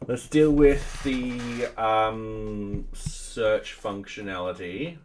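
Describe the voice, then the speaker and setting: A man giving casual think-aloud commentary as he codes at home, pausing and restarting mid-sentence and now and then chatting to his cat. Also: on the low side, darkish tone. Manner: chats to his cat between tasks. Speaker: software developer streaming his coding. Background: faint music and keyboard typing.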